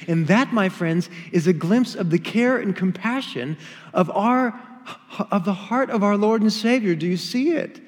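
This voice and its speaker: A male pastor delivering an emphatic sermon in a church. His voice sits a little high for a man, and a long reverb trails after his words. He keeps asking rhetorical questions and sometimes acts out what people would say. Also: expressive, unhurried.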